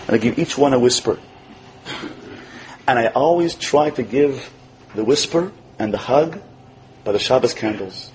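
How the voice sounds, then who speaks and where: Animated male religious teacher storytelling. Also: mid-range voice, moderate pace, pauses often, slight background noise, rough recording. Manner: animated, acts out quotes, drops to soft tender tones. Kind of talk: storytelling sermon.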